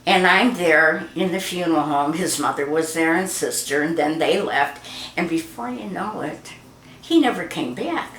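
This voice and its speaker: A woman's voice: deep voice, lively intonation, moderate pace, fairly bright tone, slight background noise. An older woman being interviewed, chatting about old memories and acting out the voices in her stories. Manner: chatty, acts out quoted voices. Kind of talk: reminiscing storytelling. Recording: roomy echo.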